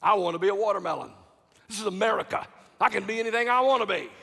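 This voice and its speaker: Eager cantaloupe, as a preacher puts it on. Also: male voice, high voice, fast, creaky, pushed and bright, voice pushed up, exaggerated voice. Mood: boastful. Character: ambitious cantaloupe wanting to be a watermelon. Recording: long church reverb.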